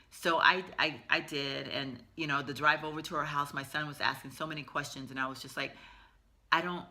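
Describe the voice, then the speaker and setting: A middle-aged woman recounts a painful personal story straight to camera, in a storytime vlog. Her voice is very bright and forward. She talks in an emotional, halting way, full of fillers and restarts. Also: sits low, fairly even intonation. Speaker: vlogger.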